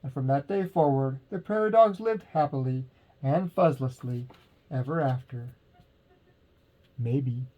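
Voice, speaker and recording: A man reading a children's bedtime story aloud in a gentle manner. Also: mid-range voice, normal speed, dull audio.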